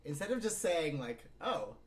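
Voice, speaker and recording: A man's voice: fairly high pitch, animated, brisk, darkish tone. Reflective man chatting on a podcast. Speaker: podcast co-host. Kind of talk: casual chat.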